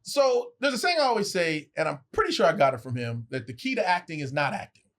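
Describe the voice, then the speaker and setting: Guest storyteller, man in his forties, animated and profane, rapid delivery. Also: on the high side. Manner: animated, acts out quotes, swears freely. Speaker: podcast guest, actor. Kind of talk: casual storytelling chat.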